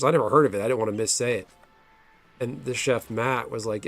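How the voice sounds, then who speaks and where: A man's voice: mid-range voice, quick pace, vocal fry, a bit bright, soft background music. A man streaming a video game, chatting casually and telling a long story, swearing when the game crashes. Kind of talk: casual chat while gaming.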